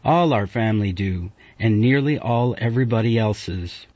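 Guy doing a grumpy old country aunt, hollow voice, slow and scolding, kinda dull dry recording. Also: on the low side, a little mellow, no echo, close to an everyday voice. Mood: scolding, crusty. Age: older.

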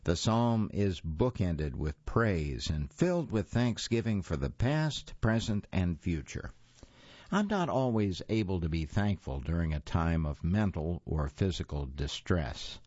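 Man, devotional reader, low voice, very expressive intonation, measured and reverent, dry sound. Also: dry recording. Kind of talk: scripted devotional reading. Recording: dry, slightly muffled recording.

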